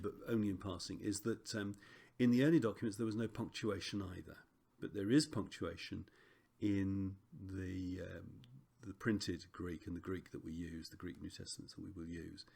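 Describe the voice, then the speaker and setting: A man teaching a recorded Greek lesson, relaxed and chatty with frequent ums and self-corrections. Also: on the low side, moderate pace, gravelly, breathy edge.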